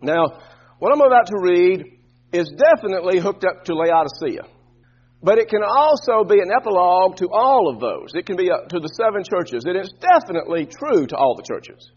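A man preaching a sermon, leading the congregation in call-and-response and swinging between quiet asides and shouted emphasis. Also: high voice, sing-song, moderate pace, slightly rough, highs cut off.

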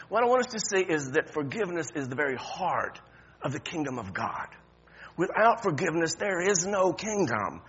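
A man preaching a sermon as pastor, talking to the congregation conversationally, stumbling over restarts, then breaking into emphatic high points. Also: sharp tone, husky, lo-fi sound.

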